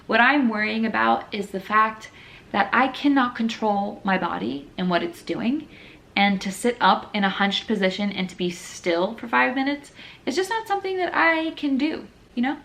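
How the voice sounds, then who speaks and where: A woman's voice: fairly high pitch, moderate pace, gravelly, a bit bright. A young woman telling her own birth story in a frank, casual, chatty way. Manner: candid, frank, chatty with many fillers.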